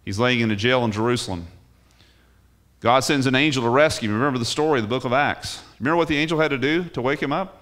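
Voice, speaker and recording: Man, pastor, church sermon, emphatic, rises on key phrases, medium pitch. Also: fast, a bit bright. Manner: emphatic, rising on key phrases, restarts words.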